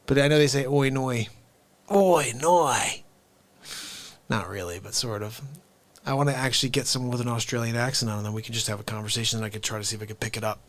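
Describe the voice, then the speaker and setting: A man's voice: medium pitch, fairly even intonation, rapid-fire, a bit bright. A man hosting an unscripted live stream, rambling chattily and addressing his viewers directly.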